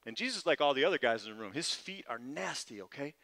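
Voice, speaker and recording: A man preaching a sermon, retelling a scripture scene with animated storytelling, swinging between loud climaxes and quiet murmurs, often checking in with "all right?". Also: mid-range voice, quick pace. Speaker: pastor.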